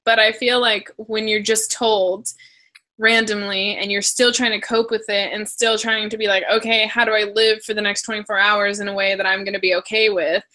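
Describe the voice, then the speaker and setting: A woman's voice: medium pitch, little pitch movement, moderate pace, bright, forceful tone. A woman hosting a casual book discussion over a video call, chatty and laughing often. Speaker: book club host.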